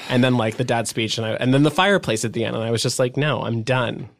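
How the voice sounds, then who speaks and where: A man's voice: mid-range voice, lively intonation, racing, no room sound, clean studio sound. A young man on a podcast as a guest, telling stories in a rambling, chatty way full of fillers. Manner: rambling, filler-heavy storytelling with many "like"s. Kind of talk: casual chat.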